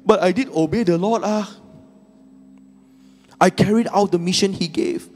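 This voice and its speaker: A man voicing a proud, defensive male king making excuses, in a high, loud, self-justifying voice. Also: normal speed. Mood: insistent.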